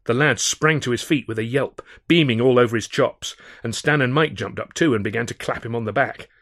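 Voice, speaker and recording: A man, the author, giving a measured first-person audiobook narration. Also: medium pitch, a bit bright, no echo, studio quality.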